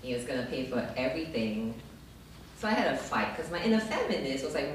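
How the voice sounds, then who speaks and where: A woman doing a stand-up comedy set, delivering deadpan punchlines and breaking into animated quoted voices. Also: rumbling low, brisk. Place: stage in front of a live audience. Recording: echoey room, far mic, loud crowd noise.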